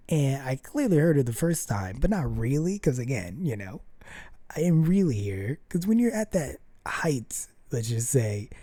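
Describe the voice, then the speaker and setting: A rambling, filler-heavy storyteller with a deep, mellow, very dark voice, talking casually to the camera. The sound is dry and close, with no room around it. Quoted dialogue gets acted out along the way. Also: no echo. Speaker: vlogger.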